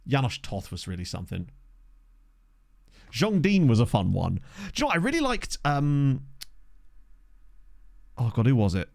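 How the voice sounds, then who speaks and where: Lively, chatty male game streamer. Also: medium pitch, a little slow, gravelly, long pauses, dry recording, clean studio sound. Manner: chatty, reads chat aloud, excitable reactions to match play. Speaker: streamer playing a football management game. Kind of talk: casual live-stream chat with commentary. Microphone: desk microphone.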